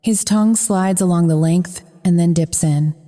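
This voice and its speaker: A woman's voice: on the low side, normal speed, dark tone, faint music behind. A woman narrating a first-person romance audiobook in a frank, profane manner. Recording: long reverb.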